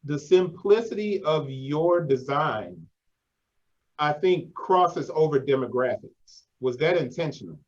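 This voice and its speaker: A man's voice: a little high, animated, measured pace. Slangy male host with a lo-fi sound. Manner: slangy and conversational, says 'yo' and 'man'. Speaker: podcast host. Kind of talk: casual interview.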